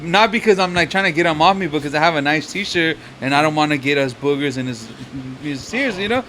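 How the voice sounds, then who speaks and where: A man's voice: on the high side, lively intonation, brisk, fairly bright tone, a little hiss or hum. A man co-hosting a podcast, telling a street story in casual chat, swearing often and acting out the people he quotes. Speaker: podcast co-host.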